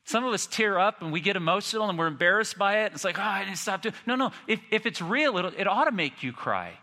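A man's voice: high voice, animated, fast talker, sharp tone, big-room sound. A man in his fifties preaching a sermon, telling stories with self-deprecating humor. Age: 50s. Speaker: pastor.

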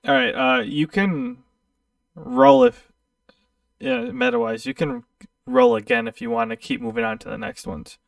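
A man running a tabletop game as game master, relaxed and hesitant, with lots of ums. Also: very high voice, a little slow, gravelly, dry recording, distant mic. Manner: relaxed, hesitant, filler-heavy.

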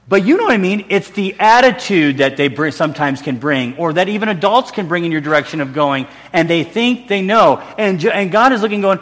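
Under the long reverb of a large church sanctuary, a middle-aged pastor preaches in a high-pitched, animated, slightly bright voice at a somewhat fast clip. The sermon is heartfelt and conversational, dotted with restarts and self-mocking asides.

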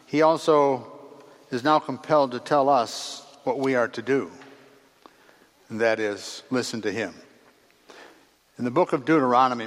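A man delivering a sermon in a steady, mid-pitched voice. He speaks earnestly and pauses between phrases, letting his voice fall at the close of each thought. The sound carries the long reverb of a large church hall. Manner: measured, earnest, pausing between phrases, voice dropping at phrase ends. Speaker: preacher.

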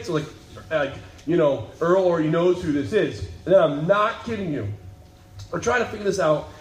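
Animated pastor in an echoey room. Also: male voice, on the high side, moderate pace. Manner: animated storyteller, acts out voices. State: lingering cold, coughing. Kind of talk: sermon storytelling.

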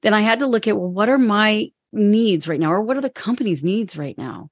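A woman's voice: medium pitch, lively intonation, brisk, dry recording. A woman co-hosting a podcast conversation, speaking candidly and reflectively, sometimes acting out her own inner voice. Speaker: podcast co-host and business owner.

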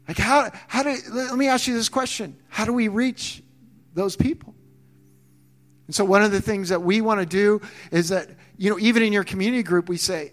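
A male pastor preaching a sermon, animated, acting out quoted voices and restarting his phrases often. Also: high-pitched, normal speed, soft background music.

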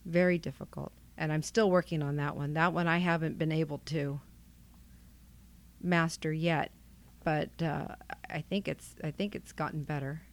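Middle-aged woman, low voice, candid, lots of ums, thinking out loud. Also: fairly even intonation, moderate pace. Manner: candid and reflective, with frequent ums and trailing phrases. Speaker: guest, wife. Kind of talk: reflective podcast interview.

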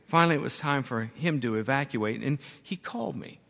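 An older male pastor preaches in a church with a long, ringing reverb. His pitch sits in an ordinary middle range. He tells stories and leans on repeated words to drive his points home. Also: fairly quick, creaky, bright, forceful tone. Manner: storytelling preacher, repeats key words for emphasis. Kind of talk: sermon. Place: church sanctuary.

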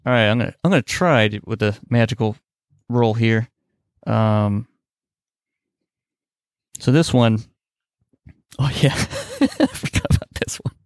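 A man's voice: mid-range voice, sing-song, measured pace, pauses often, no echo, clean studio sound. A man co-hosting a podcast, narrating a dice-roll battle in a jokey, laughing way. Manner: laughs often, jokey play-by-play. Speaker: podcast co-host.

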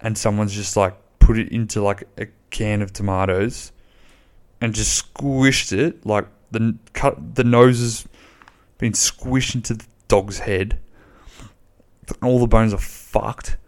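A man's voice: fairly low pitch, steady tone, slow. A man, chatting casually and bluntly on his own podcast, rambling and swearing freely. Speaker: podcast host. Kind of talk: casual solo podcast chat.

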